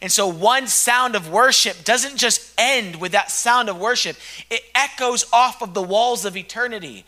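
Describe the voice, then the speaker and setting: A man with a very high, bright voice preaches an impassioned sermon at a moderate pace. He moves back and forth between quiet, intimate lines and loud shouting.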